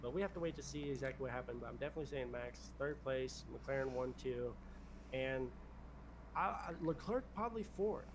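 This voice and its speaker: A man's voice: mid-range voice, fairly quick. Rambling male streamer, noisy mic. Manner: rambling, repeats "definitely". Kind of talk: casual chat while gaming.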